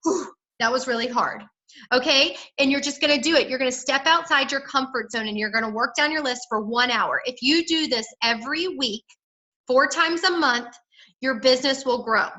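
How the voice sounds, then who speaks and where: A woman's voice: high voice, normal speed, bright, forceful tone, rough recording. A woman giving an upbeat, direct pep talk to her sales team on a video call. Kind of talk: motivational coaching on a team call.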